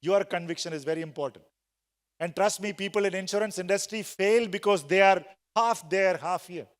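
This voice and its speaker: In a big conference hall with long reverb, a sales trainer tells a story and coaxes spoken responses from his live audience during a motivational talk. His voice sits high and moves at an ordinary speed.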